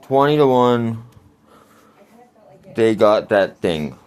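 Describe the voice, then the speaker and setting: A man's voice: mid-range voice, expressive, takes it slowly, darkish tone, clean tone. A man in his forties telling a rambling, crude story in a casual vlog, laughing often. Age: 40s. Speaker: vlogger.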